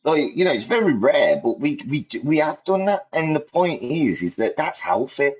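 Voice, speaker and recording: A man's voice: on the high side, very animated, moderate pace, a little mellow, breathy edge. A man hosting a podcast, talking bluntly and swearing a lot, repeating himself for emphasis. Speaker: podcast host. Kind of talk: heated casual chat. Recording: dull lo-fi audio.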